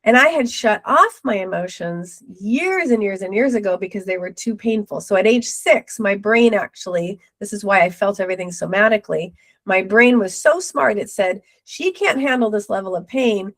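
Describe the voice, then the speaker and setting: A woman's voice: mid-range voice, moderate pace. Middle-aged woman telling her story. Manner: animated retelling with acted quotes. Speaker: guest. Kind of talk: personal storytelling in an interview.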